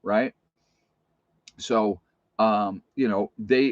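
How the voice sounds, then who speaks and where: A man's voice: lowish voice, slow pace, pauses often. A man who works as a nurse tells stories from his shifts in a blunt, plainspoken, emphatic way, in a casual vlog. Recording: dull, muffled recording.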